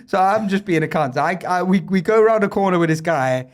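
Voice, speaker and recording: A man's voice: sits high, animated, brisk, few pauses. A young man hosting a podcast, telling a rambling, laughing story in casual chat and swearing a lot. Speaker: podcast host.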